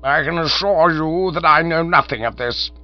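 A man's voice: a little high, moderate pace, pitched above the performer's own voice, close to an everyday voice. A man doing a stiff, outraged old duke. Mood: stiffly polite. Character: indignant elderly English duke, stiffly formal. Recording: dull audiobook recording with mains hum.

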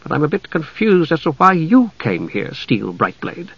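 A man's voice: on the high side, wildly swooping pitch, normal speed, vocal fry, a bit bright, slightly rough, dry recording, dull audio, voice pushed up, full character voice. Man voicing a blunt, exasperated bearded warrior. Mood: stern. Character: gruff bearded older male warrior, blunt. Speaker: audiobook narrator.

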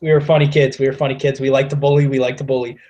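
A man's voice: medium pitch, flat delivery, racing, dark tone. A young man co-hosting a podcast, swearing freely, laughing often and telling rambling stories in casual chat. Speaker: podcast co-host.

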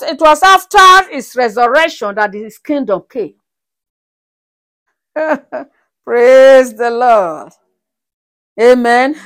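Woman preacher, high lively voice, slow unhurried delivery, sermon with Bible reading and rhetorical checks on the congregation. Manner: breaks into laughter and praise between verses.

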